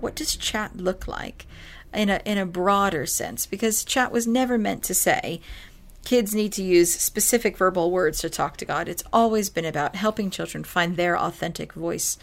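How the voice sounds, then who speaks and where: A woman speaks to parents in an earnest, conversational way, like a podcast host sharing advice. She sounds tired from lack of sleep. Her voice sits in a middle pitch. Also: vocal fry. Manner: earnest, conversational, yawning at times. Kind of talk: casual faith-based parenting talk.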